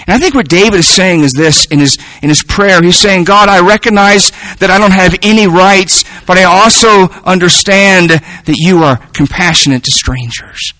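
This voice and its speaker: A male preacher with a high, bright voice delivers a sermon earnestly, circling back over his words as he builds each point. The sound is close and dry. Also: no room sound, low-quality recording.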